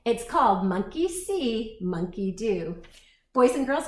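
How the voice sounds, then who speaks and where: A woman teacher reading a picture book aloud to young children, expressive and slow, with asides to her listeners. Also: a little high. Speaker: preschool teacher storyteller. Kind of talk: read-aloud storytime for children. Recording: echoey room, faint noise.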